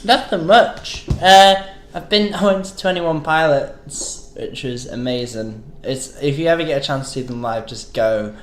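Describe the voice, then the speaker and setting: A man's voice: fairly high pitch, reverberant, a little hiss or hum. A young man, a comedian guest on a podcast, talking in casual chat with self-deprecating jokes and lots of laughter. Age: young adult. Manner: self-deprecating, laughs a lot, slow and drawling.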